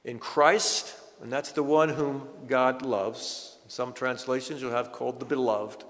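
A man preaching a sermon in an earnest, emphatic way, slowing down to stress key words. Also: mid-range voice, fairly even intonation, a bit bright, long reverb tail. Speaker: pastor.

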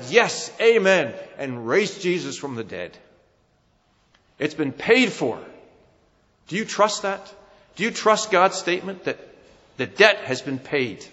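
A male preacher with a New Jersey accent delivers a sermon with emphatic rises and falls. His voice sits a bit high for a man. The recording is dull and carries a long hall echo. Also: a bit bright. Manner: emphatic, rising and falling for emphasis.

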